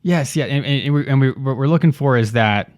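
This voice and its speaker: Halting young male interviewer, dry sound. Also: medium pitch, darkish tone, dry recording. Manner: halting, restarts often while thinking aloud. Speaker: host. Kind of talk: casual interview chat.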